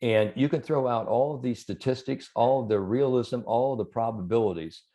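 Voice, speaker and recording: A man being interviewed as a sports psychologist, talking in a relaxed conversational way and telling animated stories, with frequent "you know" fillers. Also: medium pitch, normal speed.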